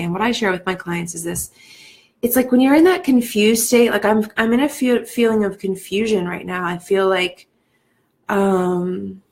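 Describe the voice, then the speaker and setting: Woman coach, casual home live stream, reflective and emotional, lots of "like" and soft laughs. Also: vocal fry. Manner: greets viewers in a bright, high lift. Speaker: life coach and speaker. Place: at home in the evening.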